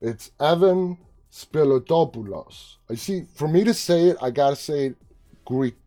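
A man's voice: on the high side, expressive, moderate pace, warm tone. Chatty American man hosting a live stream. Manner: chatty, easily sidetracked, teasing. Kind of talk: casual live-stream chat reading viewer comments and news.

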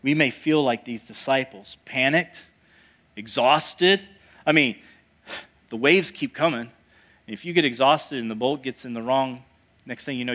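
Emphatic preaching pastor, higher-pitched man. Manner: swings from hushed asides to loud, emphatic declarations; rhetorical questions to the congregation. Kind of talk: sermon.

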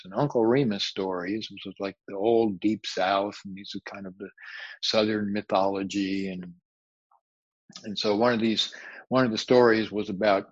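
A man teaching a spiritual lecture in a husky, mid-pitched voice, reflective and often circling back over his words. The sound is dry, with no room echo. The recording is slightly dull and lo-fi. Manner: reflective, searching for words, repeats phrases.

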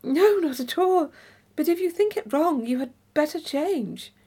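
A woman reading an audiobook, voicing a shy, earnest young woman with a quiet, polite, hesitant manner. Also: sits high, animated, measured pace, voice pushed up.

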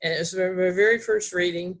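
A woman's voice: fairly low pitch, steady tone, a little fast. A woman author from North Carolina with a Southern accent, telling rambling stories in a casual chat, with many fillers and restarts. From Greensboro, North Carolina.

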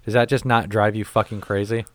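A man's voice: lowish voice, little pitch movement, a little fast, dry recording. A middle-aged man hosting a casual podcast, rambling and exasperated, swearing a lot as he tells stories. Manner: rambling, profane, exasperated storytelling. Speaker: podcast host. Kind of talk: casual profane podcast chat.

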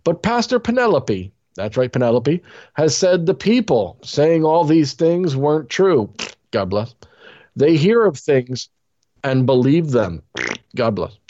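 A man's voice: on the high side, sing-song, a little slow, warm tone, muffled recording. A man co-hosting a casual comedy podcast, reading a news story aloud with jokes and put-on voices for the quotes.

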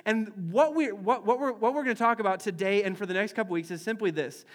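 A man preaching a sermon as pastor, animated, acting out scenes with voices and often restarting and repeating words. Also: high voice, fast.

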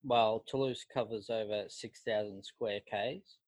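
A man's voice: fairly low pitch, steady tone, measured pace, darkish tone, no echo. A man co-hosting a podcast in casual, blunt, slangy banter. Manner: laid-back, blunt, slangy. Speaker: podcast co-host.

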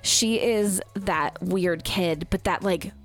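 Podcast co-host, woman, 30s, chatty storyteller, soft music bed. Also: on the low side, slow pace. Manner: chatty storyteller, animated quoting, laughs often. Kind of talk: casual chat.

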